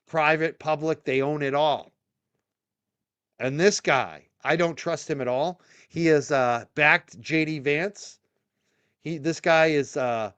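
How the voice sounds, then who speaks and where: A man hosting a live stream talks in a rambling, opinionated way and restarts his sentences often. His voice sits a little high and comes through smooth and clear. The sound is dry and close, with no room echo. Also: fairly bright tone. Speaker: show host.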